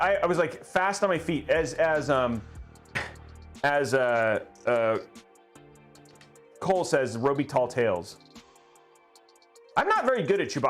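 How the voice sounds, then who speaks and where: Lively, laughing young man streaming. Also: a little high. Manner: rambling, laughs often, reads chat aloud. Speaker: livestream host building a PC. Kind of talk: casual live-stream chat.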